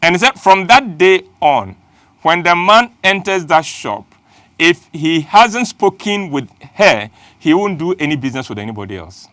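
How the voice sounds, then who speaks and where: A man's voice: on the high side, very animated, normal speed, sharp tone, no echo. A middle-aged man, hosting a playful, emphatic motivational talk. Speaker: host.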